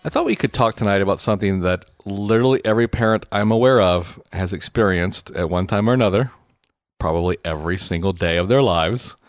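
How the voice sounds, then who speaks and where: A man hosting a parenting podcast who introduces the topic in a measured way. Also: low voice, dry recording, clean studio sound. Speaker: podcast host.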